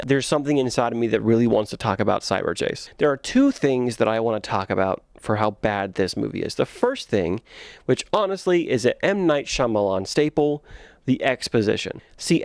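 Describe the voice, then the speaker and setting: A man in his twenties giving sarcastic, animated comedic commentary on bad movies as a video host. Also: mid-range voice, dry recording, studio quality.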